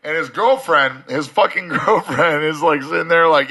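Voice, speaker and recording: Podcast guest, male, slightly high voice, bright and forceful, profane rambling storyteller. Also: normal speed. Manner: profane, rambling, acts out dialogue. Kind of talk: casual storytelling.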